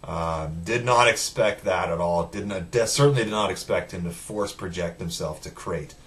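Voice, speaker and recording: Low-voiced man recapping a film, cursing. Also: normal speed, distant mic. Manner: profane, animated retelling with acted-out quotes. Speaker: film reviewer. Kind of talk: casual spoiler recap.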